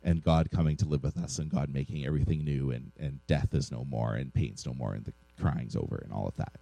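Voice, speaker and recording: A man's voice: rumbling low, a little fast, creaky, mellow, no room sound, faint music behind. A man in his thirties preaching an informal, conversational sermon, mixing personal stories with teaching and often checking in with "right?" asides. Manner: informal, self-deprecating, frequent "right?" asides. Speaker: pastor.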